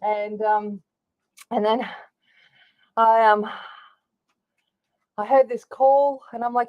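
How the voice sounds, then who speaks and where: A woman's voice: on the high side, flat delivery, takes it slowly, long pauses, dull audio. Chatty woman, slightly breathless. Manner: chatty, rambling, with many fillers. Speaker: livestream host. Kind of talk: casual livestream chat. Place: home craft room.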